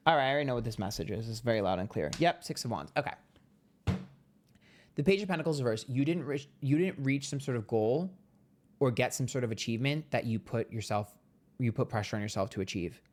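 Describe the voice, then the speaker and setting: Cussing, playful man reading tarot. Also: fast talker. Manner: blunt, profane and playful; chatty, lively with sudden jumps in pitch. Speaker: tarot reader. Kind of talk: casual monthly tarot reading.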